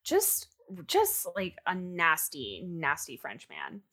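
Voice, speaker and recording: Woman co-host, bright, fast and animated movie recapper. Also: lowish voice.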